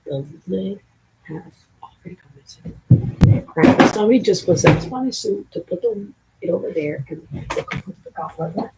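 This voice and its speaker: A livestreamer from the Southern United States with a Southern accent, rambling in a profane, excitable way and jumping between topics, with a gravelly, raspy voice. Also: mid-range voice, quick pace, very noisy. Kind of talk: rambling live stream chat.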